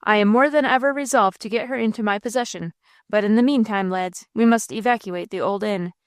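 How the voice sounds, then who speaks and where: A woman's voice: mid-range voice, brisk, smooth, dry recording, clean studio sound, natural voice. A woman playing Black Donald, blustering robber chief. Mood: commanding. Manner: blustering, rousing, theatrical. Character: bold commanding male robber captain.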